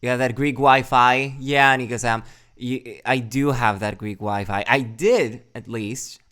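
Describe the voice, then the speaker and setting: Young male streamer, casual and rambling, smooth resonant voice, salty and self-mocking. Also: mid-range voice, fairly even intonation, measured pace, fairly bright tone. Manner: rambling, swears a lot, answers chat; self-deprecating, laughs often. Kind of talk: casual live-stream chat.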